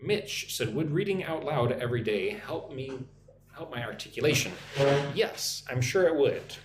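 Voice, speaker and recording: A young American man teaching English on a live stream, chatting with viewers and repeating phrases slowly for practice. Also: medium pitch, expressive. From United States. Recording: echoey room with faint noise.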